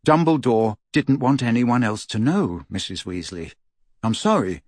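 A serious teenage boy from a storybook, quiet, flat and firm, refusing to give ground, as a male reader plays him. The voice has a husky texture. The sound is dry and close, without room echo. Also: medium pitch, measured pace. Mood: stubborn.

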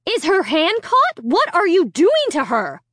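A woman's voice: high-pitched, very animated, measured pace, dry recording, studio quality, exaggerated voice. A woman reading aloud, voicing a young mother who is impatient and insistent. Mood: impatient, frantic. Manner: insistent, rising to frantic.

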